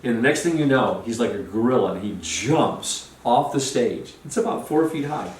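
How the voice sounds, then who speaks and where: Animated man telling a story, roomy sound. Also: medium pitch, normal speed. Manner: excited, many restarts and repeats. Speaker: storytelling guest. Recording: roomy, distant, faint noise.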